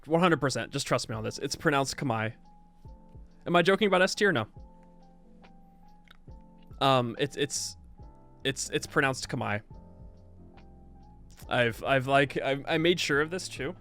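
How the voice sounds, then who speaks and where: A male streamer talks through a game update in loose, casual chat, stalling and restarting his sentences and digging in when he insists on a point. His voice sits at an ordinary middle pitch. Quiet music plays faintly under him. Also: animated, measured pace, pauses often. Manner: rambling, stop-start, reacts to chat, insistent. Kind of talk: casual livestream patch review.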